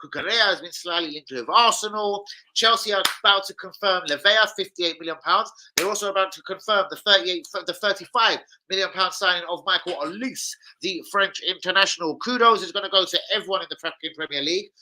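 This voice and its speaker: A man's voice: high voice, brisk, sharp tone, slight background noise, rough recording. A man hosting a football fan channel, hyper and slangy, swearing freely through casual chat and a transfer news roundup.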